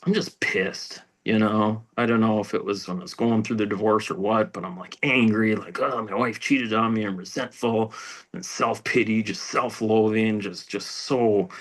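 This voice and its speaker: A middle-aged man telling his recovery story in a rambling, halting way, full of restarts and fillers, dropping to a near whisper at painful moments. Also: on the low side. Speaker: speaker sharing recovery story. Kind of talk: personal testimony at a recovery meeting.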